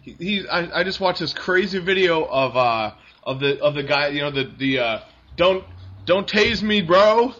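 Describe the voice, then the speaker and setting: A man's voice: on the high side, normal speed, hardly any pauses, sharp tone. A man chatting casually about politics, rambling, laughing often and mimicking other people's voices. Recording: dull lo-fi recording.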